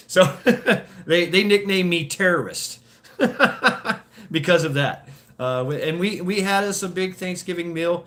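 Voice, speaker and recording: A man's voice: high-pitched, lively intonation, a little slow, sharp tone. A man spinning a casual story, rambling with restarts and plenty of cursing. He breaks into laughter often as he goes. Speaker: vlogger.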